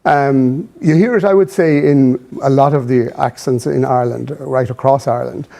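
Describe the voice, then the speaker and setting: A man as a studio guest, giving measured, thoughtful explanations with many pauses and fillers. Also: medium pitch, vocal fry, mellow. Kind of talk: explanatory interview answers.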